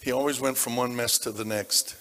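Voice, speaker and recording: A man preaching a sermon, telling stories about people from his congregation, dropping to a hush and then rising to loud emphasis. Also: medium pitch, fairly even intonation, a little fast. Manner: dramatic shifts between hushed and loud. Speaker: pastor. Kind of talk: sermon storytelling. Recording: long reverb of a large hall.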